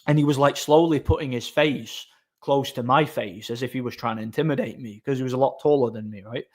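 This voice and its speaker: A man's voice: mid-range voice, brisk, a little mellow. A man, casually telling a story as host of his own channel, repeating words and using many fillers.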